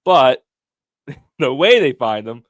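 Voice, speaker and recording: A man's voice: medium pitch, takes it slowly, dry recording. A man co-hosting a casual geek podcast, his voice rising and falling a lot as he recaps episodes. He talks loosely, swears freely and slips into acted-out quotes. The sound is dry and close. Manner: animated retelling, acts out quotes, swears, laughs often. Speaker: podcast co-host.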